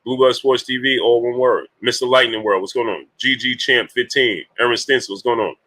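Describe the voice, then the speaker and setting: A man's voice: medium pitch, fairly even intonation, fairly quick, pushed and bright, rough recording. A man hosting a casual boxing talk livestream, greeting viewers by name between his points, with many fillers.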